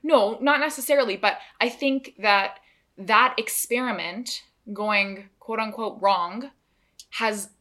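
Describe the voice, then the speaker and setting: A young woman from Canada co-hosts a casual podcast chat. Her voice is bright and forceful, and she delivers strong opinions with plenty of laughter. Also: on the high side, slow. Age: young adult. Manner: animated, opinionated, laughs often. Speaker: podcast co-host.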